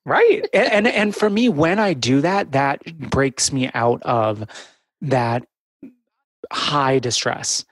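A man co-hosting a podcast on therapy skills, explaining in a casual, animated and playful way. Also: medium pitch, slow, no room sound. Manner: animated, playful, breaks into funny voices. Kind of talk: casual instructional chat.

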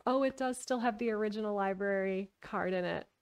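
Woman streamer, casual, giggly, chatty, mid pitch, slightly distant from mic. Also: fairly quick, smooth. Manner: chatty, giggly, trailing off with fillers. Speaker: streamer reading aloud. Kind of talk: casual chat and book reading.

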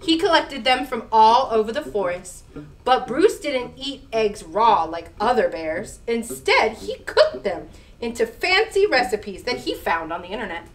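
A woman, a children's librarian, hosting a storytime with sing-song, encouraging, expressive reading. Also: on the high side, unhurried.

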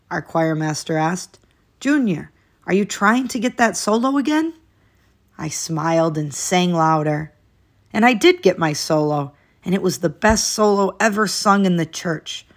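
A woman with a slightly low voice reads a children's picture book aloud. Her reading is expressive and gentle, and her voice rises brightly to mark each new part of the story. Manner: expressive, lifting her voice at new days and exclamations.

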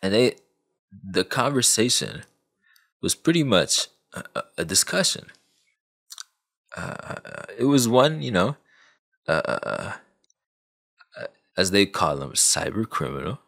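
A man tells a true story casually, rambling through fillers and side remarks. He speaks slowly with a gravelly grain, and his pitch moves a lot. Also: sing-song, fairly bright tone. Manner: rambling, lots of fillers and asides.

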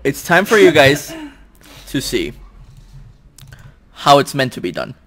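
A young YouTuber plays a video game and gives let's play commentary from home into a desk mic. His voice sits on the high side, and he's excitable, quick to shout or groan in frustration, and ready to joke at his own expense.

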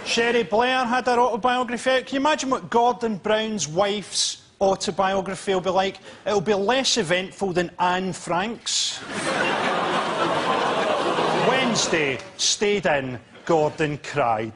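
Deadpan high-voiced male comedian. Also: unhurried. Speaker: comedian panellist. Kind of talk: deadpan stand-up jokes. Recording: studio noise.

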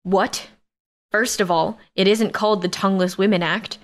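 A woman voicing an arrogant male alien nobleman and soldier in an audiobook, speaking slowly, curtly and commandingly. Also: mid-range voice, fairly even intonation, lightly acted. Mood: irritated. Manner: slow, curt and commanding. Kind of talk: audiobook character voice.

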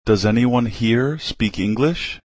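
For English learners, a man reads common phrases one at a time, slowly and with careful enunciation. His voice is medium in pitch, with no echo.

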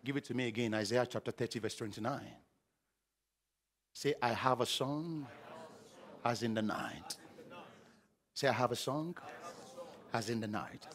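Animated pastor, man. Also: medium pitch, unhurried, pauses often. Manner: animated, humorous, dramatic sound effects. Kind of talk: sermon.

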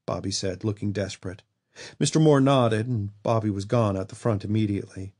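A man reading a horror novel aloud as an audiobook narrator, in steady storytelling. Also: fairly low pitch, a little fast. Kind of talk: scripted narration.

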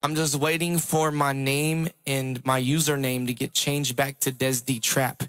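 A man freestyle rapping on a livestream and giving rapid shout-outs to viewers, recorded on a phone mic. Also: mid-range voice, level tone, clear, resonant tone. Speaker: livestreaming rapper. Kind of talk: freestyle rap over a beat on a livestream. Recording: loud hip hop beat behind the voice.

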